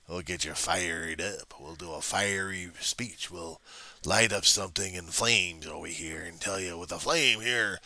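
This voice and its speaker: A man's voice: low-pitched, unhurried, pushed and bright, no room sound. A man in a rambling, profane and sarcastic rant, recorded on a webcam at home.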